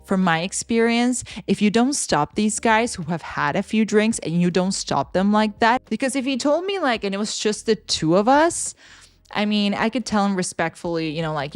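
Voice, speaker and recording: A woman who works as a flight attendant tells a work story in a chatty, animated vlog way, full of fillers like "like" and "you know.". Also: medium pitch, moderate pace, dry recording.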